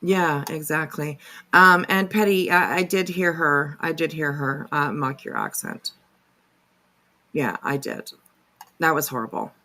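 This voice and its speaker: A woman's voice: deep voice, unhurried, pushed and bright. Rambly woman reaction host, loads of fillers, casual chat. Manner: rambling, heavy with "like" and "um". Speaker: commentary host.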